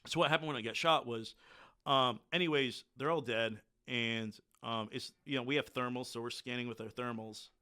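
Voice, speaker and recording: A man at a middle pitch recounts combat as a podcast guest. He speaks casually and bluntly, with many filler words. His tone is frank and plain. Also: steady tone, normal speed, pushed and bright. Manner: blunt, candid war storytelling with frequent filler words. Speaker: podcast guest, military veteran. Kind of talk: casual conversational storytelling.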